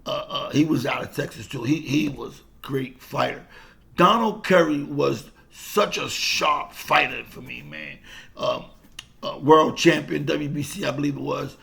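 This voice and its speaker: Gravelly, high-pitched animated older man. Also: a little slow. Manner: animated storytelling, repeats words, swears freely. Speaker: boxing coach and former fighter. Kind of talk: casual boxing talk to camera.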